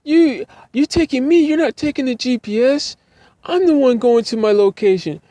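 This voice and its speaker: A man voicing an angry, bossy old woman passenger who scolds in a shrill, accusing way. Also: moderate pace, no room sound, natural voice. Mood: yelling. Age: older.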